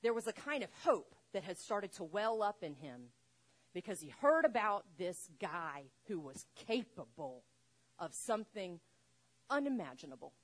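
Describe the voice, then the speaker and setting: A woman preaching a sermon, retelling a story with lively acted-out voices. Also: medium pitch, moderate pace. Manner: animated, acts out voices in the story. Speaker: pastor.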